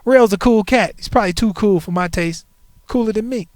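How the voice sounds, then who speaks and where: Stream host, man in his 40s, higher pitch, playful and joking, dry close sound. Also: fairly quick, no room sound. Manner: playful, joking, animated asides to chat. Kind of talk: casual livestream chat.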